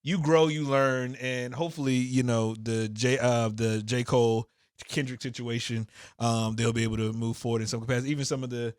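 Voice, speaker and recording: A man co-hosting a podcast in casual chat, giving quick agreement and laughing easily. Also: mid-range voice, flat delivery, clear, resonant tone, no room sound, studio quality. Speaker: podcast co-host.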